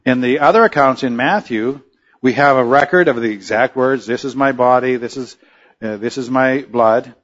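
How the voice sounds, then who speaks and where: A male pastor preaching a sermon in a measured teaching tone, slowing down to stress key words. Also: mid-range voice, fairly bright tone, highs cut off.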